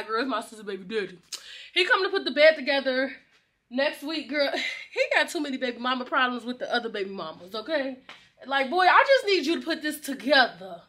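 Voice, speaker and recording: Excitable high bright-voiced woman vlogger. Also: fairly quick. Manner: excitable, laughs often, slangy. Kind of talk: casual vlog chat.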